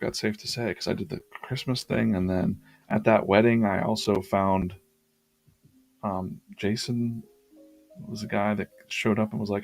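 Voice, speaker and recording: Male streamer-artist, rough gravelly voice, casual rambling storyteller, faint music underneath. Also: on the low side, fairly even intonation, moderate pace, a little mellow. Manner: rambling, anecdotal, many fillers and restarts. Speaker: artist hosting a live drawing stream.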